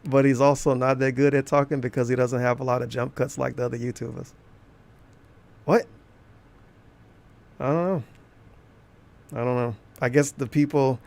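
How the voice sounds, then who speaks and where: A man's voice: mid-range voice, fairly even intonation, normal speed, vocal fry, pauses often, darkish tone. A man giving sarcastic, blunt reaction commentary over a stream clip, mocking the streamer.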